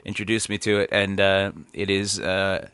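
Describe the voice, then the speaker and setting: A man chatting casually on a podcast, rambling and animated with lots of fillers and restarts. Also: low voice, moderate pace, smooth, dry recording. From Canada. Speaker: comedian guest.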